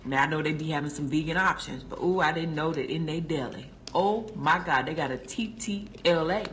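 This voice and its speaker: In this casual selfie review shot inside a car, a female food vlogger with a deep, somewhat bright voice speaks fairly quickly, with slight background noise. She praises a sandwich like a preacher and talks with her mouth full.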